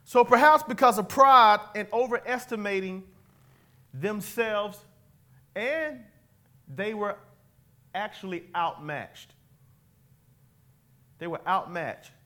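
A man preaching a sermon as pastor, animated and conversational, drawing call-and-response from his congregation. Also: high-pitched, slow, long pauses.

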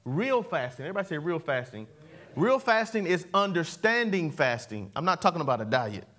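A man's voice: a little high, sing-song, a little fast, bright, forceful tone. A man preaching a sermon, calling for responses and repeating key words. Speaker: pastor. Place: church sanctuary.

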